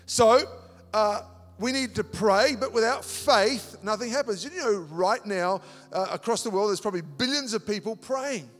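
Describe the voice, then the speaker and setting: A man from Australia preaching a sermon as pastor, animated, repeating words and acting out little dialogues. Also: sits high, normal speed. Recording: long hall reverb with music behind.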